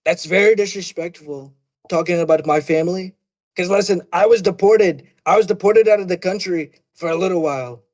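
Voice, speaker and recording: Brief: a man playing a bragging older politician hosting a debate; rambling, repeats himself, voice sits high. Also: a little fast, darkish tone, close to an everyday voice. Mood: blustering. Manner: repetitive, self-interrupting, bragging. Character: blustering older male politician, boastful and rambling. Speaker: debate moderator. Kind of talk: mock debate impression.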